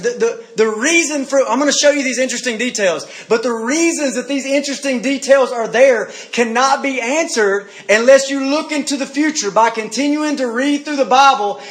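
A man preaching a sermon, speaking in an animated way, repeating his points and asking listeners direct questions. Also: very high voice. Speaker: pastor.

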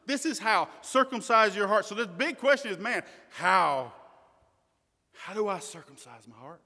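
Male preacher, bright high voice, emphatic delivery shifting from quiet to forceful, long reverb of a hall. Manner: emphatic, swings from hushed to loud. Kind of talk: sermon.

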